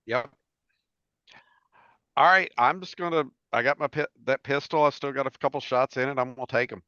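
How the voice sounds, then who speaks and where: A man's voice: mid-range voice, normal speed, bright, forceful tone, clear, resonant tone. A man playing a tabletop game, giving short agreeable replies. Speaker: player. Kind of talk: casual tabletop play. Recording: dull lo-fi mic.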